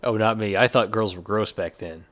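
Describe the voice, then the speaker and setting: A man from Kentucky co-hosting a podcast, throwing in dry, deadpan jokes in casual chat. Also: lowish voice, normal speed. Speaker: podcast co-host. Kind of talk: casual chat recapping a TV episode.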